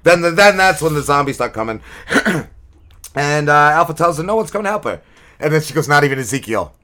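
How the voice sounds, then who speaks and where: A man hosting a podcast, recapping a TV episode in a rambling, profane, casual way with plenty of filler words. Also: a little high. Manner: animated retelling with quick drops in energy. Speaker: podcast host.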